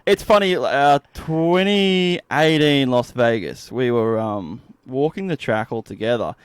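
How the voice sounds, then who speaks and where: An Australian man with a mid-pitched voice, telling stories with energy in casual talk. The sound is dry and close. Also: lively intonation, measured pace, clear, resonant tone, no room sound. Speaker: podcast co-host. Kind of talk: casual chat.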